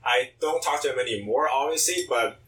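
A man with a Chinese accent, co-hosting a casual podcast and telling an animated, laughing story. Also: medium pitch, fairly quick, far from the mic, rough recording. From China. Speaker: podcast co-host.

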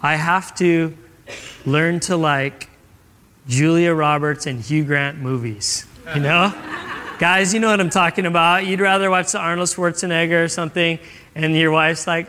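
A man's voice: on the high side, fairly even intonation, moderate pace, fairly bright tone, smooth, in a large hall. A young adult man giving a casual, conversational sermon, telling stories and acting out what people say. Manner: casual, conversational storytelling with acted-out quotes. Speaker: pastor.

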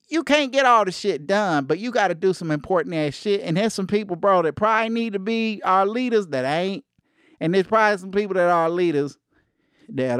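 A man's voice: sits high, clean tone, no echo, clean studio sound. A man hosting a casual college-radio-style podcast, talking in a slangy, laid-back way. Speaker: host.

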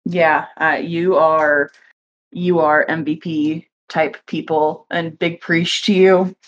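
Woman, podcast co-host, slow easy pace, lowish voice, playful. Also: level tone, muffled recording. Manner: laughing, playful storytelling. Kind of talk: casual podcast chat.

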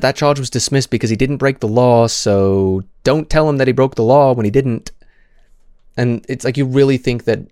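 A man's voice: medium pitch, a little mellow, no echo, studio quality. A man in his twenties who stutters, giving impassioned stream commentary with frequent restarts and repeated words.

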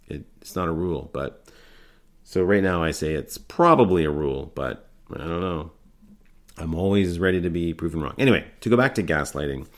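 A middle-aged man with a very low voice talks through an improv lesson. He speaks informally, rambling and restarting his sentences with plenty of fillers. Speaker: improv teacher.

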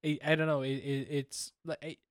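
A man's voice: fairly high pitch, level tone, normal speed, no echo, clean studio sound. A man co-hosting a podcast, chatting casually with stammered restarts and lots of filler words. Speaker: podcast co-host. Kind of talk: casual chat.

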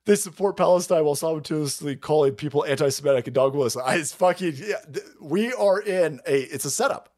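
A man hosting a political stream, ranting with heavy profanity and sarcastic mockery, often breaking into shouts. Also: on the high side, fairly quick, few pauses.

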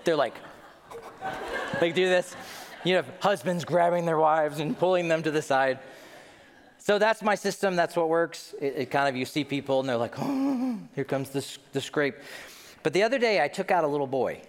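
Middle-aged male pastor, animated storyteller, reverb of a large hall. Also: a little high, moderate pace, a little hiss or hum. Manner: animated storytelling, self-deprecating humor. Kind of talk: sermon.

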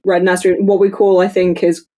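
A woman's voice: lowish voice, little pitch movement, mellow. A woman from England with a received pronunciation accent, a guest chatting casually and explaining with many restarts. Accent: English received pronunciation. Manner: giggly, explanatory, halting restarts. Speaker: podcast guest. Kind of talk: casual chat.

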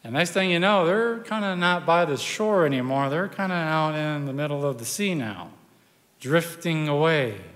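A pastor preaching a sermon, telling the story in a conversational, animated way with personal asides. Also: male voice, a little high, moderate pace, long reverb tail.

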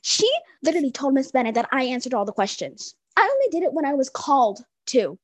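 A woman's voice: sits high, sing-song, fast talker, dry recording. A young woman co-hosting a casual chat, telling school stories with many fillers and restarts. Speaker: podcast co-host.

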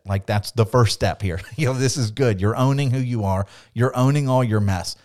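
A man's voice: medium pitch, expressive, a little fast, a little mellow. A man co-hosting a Bible discussion podcast who explains scripture earnestly and with animation, acting out the quotes he cites. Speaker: podcast co-host.

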